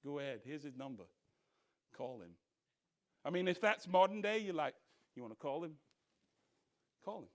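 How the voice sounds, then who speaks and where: Leading a church Bible study at a moderate pace, a pastor with a somewhat high voice speaks animatedly and fires off rhetorical questions. He briefly acts out the voices of scoffers.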